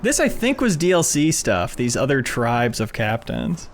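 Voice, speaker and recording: A man's voice: mid-range voice, huge pitch swings, unhurried, soft background music. A man hosting a casual gameplay stream, bantering playfully while commenting on the game. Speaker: host.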